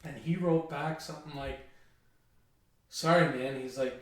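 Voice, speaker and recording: A man's voice: fairly high pitch, unhurried. A man, a former goalkeeper telling stories as a guest on a casual podcast, quoting himself and his friends. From Windsor, Canada. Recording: very echoey, distant from the mic.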